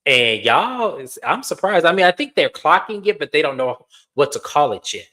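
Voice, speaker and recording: A man hosting a reality TV recap in casual commentary, blunt and animated, swearing freely and talking to viewers as y'all. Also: a little high, moderate pace.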